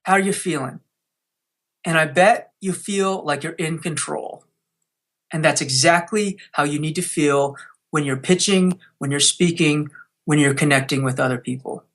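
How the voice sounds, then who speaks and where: A man's voice: fairly high pitch, moderate pace, a bit bright. A man speaking as a podcast guest, coaching listeners with energy and acting out quotes. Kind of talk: podcast interview.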